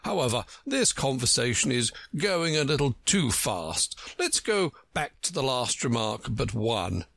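A man's voice: medium pitch, big pitch swings, a little slow, creaky, hardly any pauses, fairly bright tone, no echo, studio quality, heavily acted. A man voicing a pompous, touchy male know-it-all from a storybook who lectures everyone he talks to. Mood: lecturing. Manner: self-important, lecturing.

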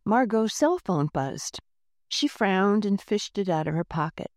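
A woman narrating a children's storybook in a gentle, unhurried reading voice, lightly voicing the characters. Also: on the low side, lively intonation, no echo, clean studio sound. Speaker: audiobook narrator.

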